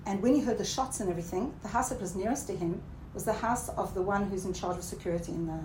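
Talking fast with a slightly mellow voice, a woman teaches Torah to a class, blending Hebrew terms into English and frequently checking on her listeners. She raises her pitch emphatically for key points, in a roomy, echoey recording with faint background noise.

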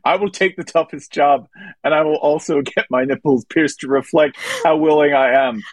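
A man's voice: fairly high pitch, moderate pace, dry recording. A man hosting a motorsport podcast, chatting casually and joking as he reads out listener questions. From United States. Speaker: podcast host. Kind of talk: casual chat.

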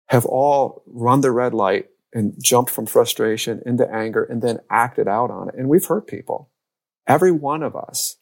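This man speaks with a gravelly, creaky edge on a podcast. He tells stories in a lively way and slips into quoted voices. His pitch sits in the middle range. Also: normal speed. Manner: lively storyteller who acts out quoted lines. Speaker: youth and family coach. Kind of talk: podcast conversation.

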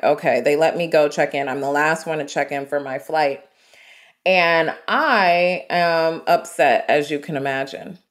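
A woman from the United States, a traveler and interview guest, telling her travel stories in an animated, vivid way. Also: fairly low pitch. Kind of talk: storytelling in an interview.

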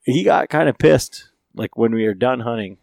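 A man's voice: medium pitch, lively intonation, moderate pace, gravelly, darkish tone, no echo, studio quality. A man hosting a podcast, telling a long story in a rambling, profane way with lots of fillers. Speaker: podcast host.

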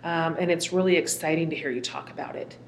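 Woman podcast host, slightly low voice, effusive, chatty interview delivery. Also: steady tone, fast, slight background noise. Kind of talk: warm conversational interview and read ad.

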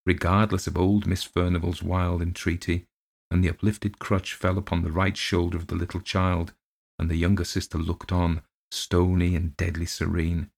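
Deep, gravelly male storyteller. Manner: measured, steady storytelling with dramatic swells. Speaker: narrator. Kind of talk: audiobook reading of a ghost story.

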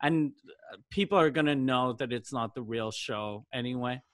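A comedian hosts a casual podcast chat, telling rambling stories full of swearing. His voice is medium-pitched at a normal speed, recorded dry with clean studio sound.

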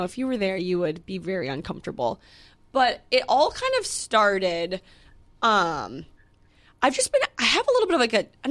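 A young woman in her twenties talks through a story on a casual podcast. She chats at a middling pitch, full of fillers, and acts out both sides of each exchange as she quotes them. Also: fairly bright tone. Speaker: podcast co-host. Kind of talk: casual chat.

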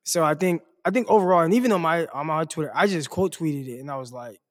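A man in relaxed sports chat, his voice a touch higher than most men's. He rambles in loose, slangy sentences full of fillers and casual swearing. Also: fast talker. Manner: loose and rambling, heavy on "like" and "bro". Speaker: sports podcast co-host.

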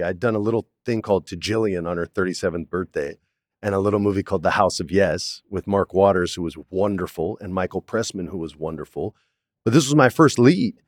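Man, 40s, low voice, chatty and animated storyteller, dry studio sound. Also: dry recording. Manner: animated storyteller, acts out quotes, says "man" often. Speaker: actor, interview guest. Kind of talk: casual storytelling interview. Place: studio, in person.

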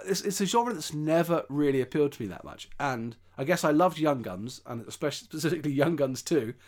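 A chatty man co-hosting a film podcast, with a slightly higher voice than most men. He talks in a loose, teasing way and laughs often. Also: expressive, brisk. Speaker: podcast co-host. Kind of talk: casual chat.

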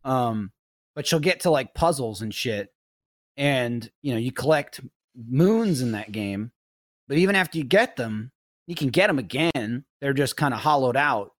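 A man in his thirties chatting casually on a podcast, telling lively stories, swearing freely and mimicking his kid. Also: medium pitch, measured pace, dry recording, clean studio sound. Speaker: podcast host. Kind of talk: casual chat.

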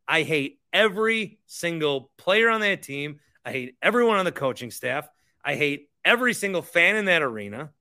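A young man talking sports on his podcast with a bright, forceful voice pitched a bit high. He rants in a heated way and repeats himself as he gets worked up. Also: sing-song, normal speed. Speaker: podcast host. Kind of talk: casual sports talk monologue.

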